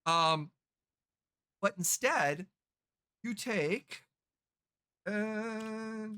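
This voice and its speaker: A game master narrates a tabletop game haltingly, full of fillers and restarts. The voice is mid-range, bright, forceful, clear and resonant.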